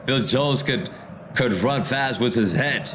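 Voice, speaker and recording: A male livestream host speaks slowly at a medium pitch over background noise during a football watchalong. He's casual, reading out viewer comments and answering them while calling out plays from the match. His slangy talk leans on "bro" as he mixes live commentary with chat reading.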